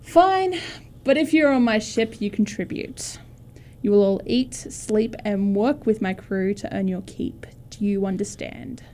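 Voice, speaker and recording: Woman putting on a grumpy sea captain, curt and impatient, dark mellow tone. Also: medium pitch, measured pace, natural voice. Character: grumpy, annoyed male ship captain.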